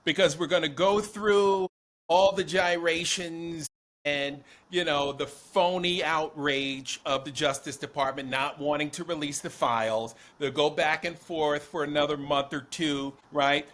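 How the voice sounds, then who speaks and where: A man with a high, lively voice co-hosts a casual political chat. His tone is bright and forceful, and he drives each point home with emphatic insistence. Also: measured pace. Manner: animated, emphatic, predicting. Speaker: podcast co-host.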